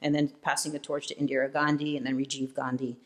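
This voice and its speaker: A man's voice: mid-range voice, fast. Man telling stories to an audience. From Iowa, United States. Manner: relaxed storyteller, self-deprecating, frequent "uh" fillers. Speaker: guest speaker, policy fellow. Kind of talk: public lecture with personal anecdotes. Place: event hall before an audience.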